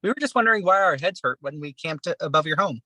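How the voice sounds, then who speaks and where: A man's voice: fairly high pitch, lively intonation, fast, pushed and bright, dry recording. A man voicing a polite, formal male adventurer in a tabletop game. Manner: courteous, formal.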